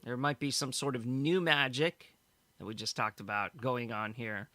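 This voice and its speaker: Male podcast co-host, bright edgy tone, dry close mic, recaps the news with easy laughs. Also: mid-range voice, fairly even intonation, normal speed, no room sound. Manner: summarizes news stories, laughs easily. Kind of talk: casual podcast chat.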